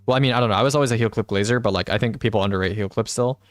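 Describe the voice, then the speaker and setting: A young male streamer with a smooth, resonant voice, close and dry on the mic. He rambles and second-guesses himself in easy, laid-back gaming chatter, answering chat as he goes. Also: fairly low pitch, racing, no room sound. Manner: rambling, thinks aloud, reads chat replies. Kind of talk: casual live-stream gaming commentary.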